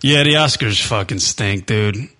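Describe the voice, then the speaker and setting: A man in his thirties co-hosting a casual talk show, ranting and swearing freely between loud laughs. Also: on the low side, a little slow. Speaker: podcast co-host. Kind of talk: casual profane banter.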